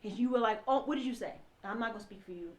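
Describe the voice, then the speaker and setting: A woman telling a personal story in a lively way, acting out what people said and often restarting her sentences. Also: on the high side, quick pace. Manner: animated, acts out quoted dialogue, restarts often.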